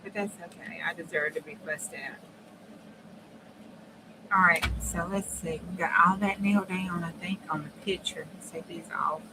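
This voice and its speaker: A woman hosting a crafting channel runs a casual livestream, chatting and thinking aloud as she works and sometimes dropping to near-whispers. Her voice is lowish with a steady tone at a moderate pace, over a noisy background.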